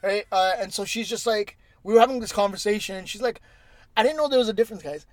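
A young man with a high-pitched voice hosts a casual podcast, telling crude stories in an animated way among friends. The sound is close and dry. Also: fast talker, dry recording. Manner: crude, animated storytelling with laughs. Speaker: podcast host.

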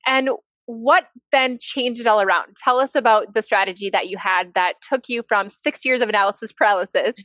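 A woman's voice: a little high, brisk, hardly any pauses, a bit bright, no echo. Dry-sounding woman host asking questions. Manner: encouraging, frequent brief agreement. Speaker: podcast host, coach. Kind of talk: interview questions.

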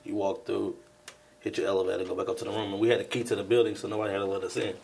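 A young man with a low, gravelly voice tells a story in loose, casual podcast chat. He acts out the people in it, jumping into louder, higher bursts. A faint hiss of noise sits behind him. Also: flat delivery, racing. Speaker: podcast co-host.

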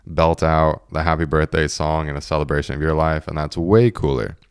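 A man's voice: rumbling low, fairly even intonation, a little fast, clean tone, no room sound, studio quality. A young man in his twenties casually telling a story, laughing often and acting out what his friends said.

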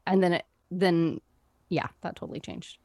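A woman with a fairly low voice hosts a casual podcast over a remote headphone call. The sound is dry and close, and she keeps her guest going with quick affirmations. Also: steady tone, a little mellow, no echo. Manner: encouraging listener with frequent short affirmations. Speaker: podcast host. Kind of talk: casual interview chat.

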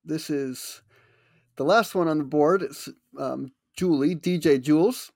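A man's voice: on the high side, unhurried, a little mellow, no echo, clean studio sound. A man in his late twenties co-hosting a podcast in casual chat, laughing easily and giving short agreeing replies. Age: 20s. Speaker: co-host.

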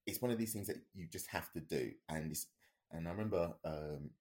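A man's voice: sits low, brisk, darkish tone. A man, a podcast co-host, telling a story in a rambling, casual way with many fillers and restarts.

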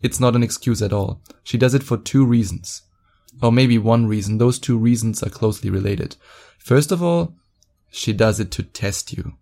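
A man's voice: medium pitch, moderate pace, gravelly, mellow. A young man hosting a podcast, talking in a blunt, profane, boastful way. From Germany. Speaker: podcast host. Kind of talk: casual monologue podcast.

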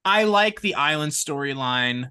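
A young man co-hosting a podcast, telling stories in a lively, laughing way. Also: on the high side, unhurried, clean tone. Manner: animated, laughing, quotes friends in voices. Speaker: podcast co-host. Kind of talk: casual chat, storytelling.

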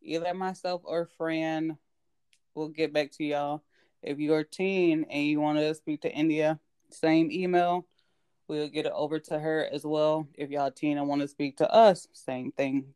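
A podcast co-host speaking in a relaxed, informal way, urging listeners to reach out and saying "y'all". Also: mid-range voice, clear, resonant tone. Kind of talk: casual podcast chat.

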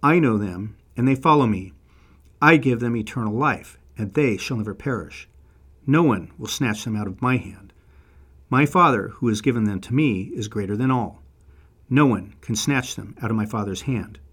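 A man's voice: medium pitch, big pitch swings, a little slow, long pauses, husky. A man narrating a scripted lecture on biblical history, reading quotes aloud and adding wry asides.

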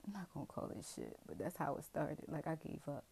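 A woman's voice: sits low, sing-song, brisk, gravelly, darkish tone, husky. A woman rambling through a candid confessional monologue to her viewers, profane and self-questioning. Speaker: vlogger.

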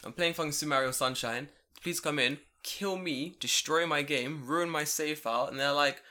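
Fast-talking man cursing through a podcast chat. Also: a little high. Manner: fast, profane, animated storytelling with put-on voices. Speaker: podcast co-host. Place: home recording room.

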